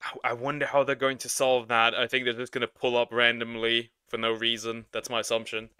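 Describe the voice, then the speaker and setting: A man casually reacting to a cartoon parody, blurting excited comments. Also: mid-range voice, a little fast, smooth, no echo, studio quality. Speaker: reaction streamer.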